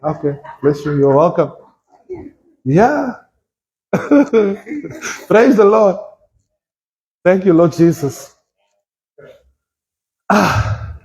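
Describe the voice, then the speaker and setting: A man's voice: high voice, very animated, very slow, pauses often, darkish tone, echoey room, poor audio. A South African man preaching a sermon as pastor, joking and acting out voices, laughing often. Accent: South African, switching with Afrikaans. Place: church.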